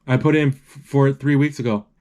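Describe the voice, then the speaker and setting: A man retelling a film as it plays, describing scenes and reading lines aloud in a halting way with many restarts. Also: medium pitch. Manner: halting, restarts often, reads out dialogue flatly. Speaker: movie narrator. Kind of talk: casual live retelling of a film.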